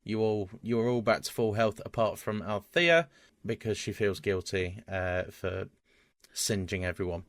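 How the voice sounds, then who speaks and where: A man's voice: fairly low pitch, a little slow, no echo. A man narrating a tabletop game as game master, stumbling over fillers and repeated words.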